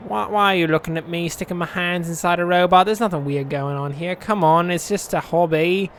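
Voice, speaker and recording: A man's voice: sits high, a little fast, slight background noise. A man voicing a posh upper-class male tinkerer who sounds flustered and defensive.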